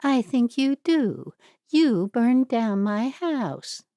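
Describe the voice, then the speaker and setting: A nervous but bold elderly Amish lady who presses with rising, urgent questions, as a woman reads her. Her voice lifts high above the narration and swings widely. It sounds close and dry, with no room around it. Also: very animated, very slow, mellow, no room sound, exaggerated voice. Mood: pressing. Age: older.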